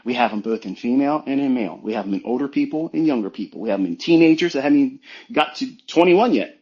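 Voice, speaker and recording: A man's voice: medium pitch, animated, fast, darkish tone, muffled recording. A man giving a blunt, profane motivational talk as a trading mentor on a live audio stream.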